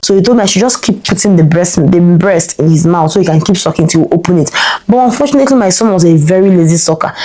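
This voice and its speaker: A woman telling a personal story to camera in an animated, exclamatory way, full of rhetorical questions. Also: lowish voice, quick pace, poor audio. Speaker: vlogger.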